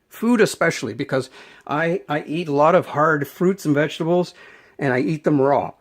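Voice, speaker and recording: A man ranting unscripted to camera as a knife vlogger, emphatic and rambling, often repeating his words. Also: a little high. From Canada.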